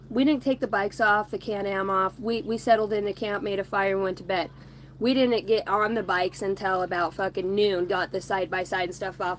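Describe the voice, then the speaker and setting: An American woman hosting a spiritual livestream, telling a rambling, profanity-laced story in casual, animated talk. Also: mid-range voice, slight background noise. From United States. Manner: profane, animated, fast-rolling anecdote. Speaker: livestream spiritual channel host. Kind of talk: casual storytelling to a live audience.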